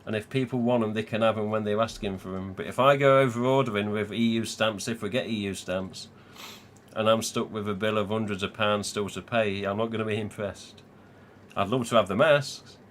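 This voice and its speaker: English bloke rambling on his live stream, lowish voice, swears a lot, bit of hiss behind. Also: steady tone, a little fast. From England. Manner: chatty, swearing, laughs often. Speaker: livestream host. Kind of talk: casual live-stream chat.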